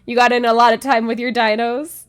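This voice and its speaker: A woman's voice: on the high side, flat delivery, brisk, clear, resonant tone. A woman streaming a game, chatting casually with her viewers, giggling often and restarting her sentences. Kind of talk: casual chat with chat.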